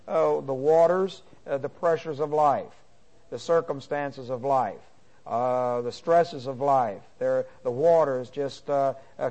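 A man teaching from a psalm. He reads each verse slowly and then explains it in plain talk, with many pauses and fillers. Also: a little high, a little mellow, rough recording. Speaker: Bible teacher. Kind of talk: sermon.

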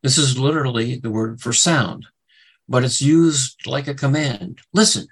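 A man teaching a Bible study lecture, halting with many fillers and restarts, and leaning hard on single words for emphasis. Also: medium pitch, slightly rough, poor audio. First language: English.

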